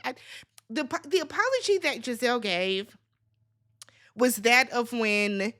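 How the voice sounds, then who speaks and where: Sassy, bright-voiced woman ranting. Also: sits high, unhurried, pauses often. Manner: sassy, blunt and profane, swinging into loud squeals. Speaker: recap channel host. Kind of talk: casual reality TV recap rant.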